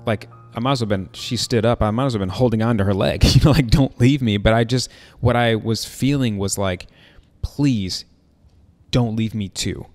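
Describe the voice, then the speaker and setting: A man's voice: on the low side, a little fast, hardly any pauses, a little mellow, soft background music. A man hosting a podcast, telling personal stories openly and emotionally in casual talk full of fillers. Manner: open, emotional storytelling with many fillers. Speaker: podcast host. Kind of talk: casual heartfelt conversation.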